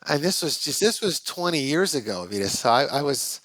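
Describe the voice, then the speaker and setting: A man's voice: on the high side, brisk, no room sound. Man in his sixties recalling stories. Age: 60s. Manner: anecdotal, relaxed recollection. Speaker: podcast guest, recruiting executive. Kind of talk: casual conversation.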